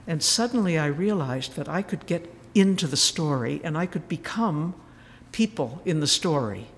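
A man giving a reflective spiritual retreat talk, telling stories gently with soft asides. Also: fairly high pitch, lively intonation, moderate pace. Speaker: retreat speaker. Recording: roomy hall with faint noise.

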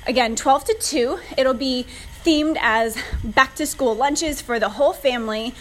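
High-voiced woman podcaster, a bit winded. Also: measured pace, low-quality recording. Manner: upbeat, chatty, gives advice directly. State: slightly out of breath from cycling. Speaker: podcast host, fitness coach. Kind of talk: casual solo podcast talk.

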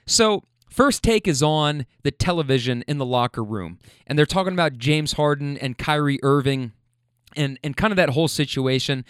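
Man, casual storyteller, emphatic and profane; lively pitch, dry close recording. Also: no room sound. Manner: animated, profane, emphatic, keeps asking "okay?".

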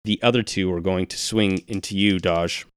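Low-voiced man narrating a tabletop game. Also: moderate pace, clean tone. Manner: relaxed descriptive narration with casual table banter. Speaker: game master.

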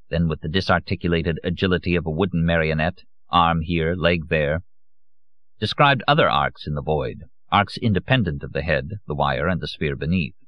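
A man reading a novel aloud as an audiobook narrator, in a measured, grave manner. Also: deep voice, no room sound, muffled recording.

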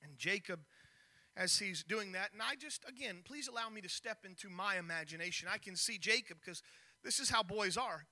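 A man's voice: sits high, normal speed. A man preaching a sermon, telling a story with many restarts and acted-out scenes. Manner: storytelling, animated, with repeated restarts.

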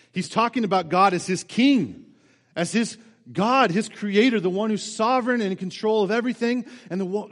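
A man preaching a sermon as pastor, earnest, moving from quiet reflective passages to fervent emphasis. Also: a little high. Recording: church hall with long reverb.

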